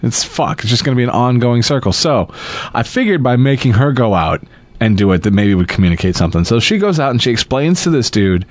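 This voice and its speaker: A man tells a neighbor story in loose, profane casual chat, acting out every line of dialogue. His pitch swings widely as he talks, and the sound is close and dry with no room around it. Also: animated, fairly quick, no echo. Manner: profane storytelling with acted quotes.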